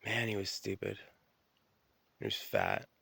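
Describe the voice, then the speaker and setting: A man's voice: on the low side, huge pitch swings, a little slow, gravelly, sharp tone, slightly rough, no room sound. A man telling stories in a rambling, profane, stream-of-consciousness solo monologue, often restarting his sentences.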